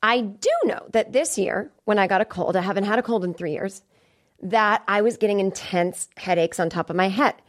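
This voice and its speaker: Here the podcast host, a woman in her thirties, has a mid-range voice at normal speed. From her studio she chats easily about comedic stories, bringing quoted people to life by acting out their voices.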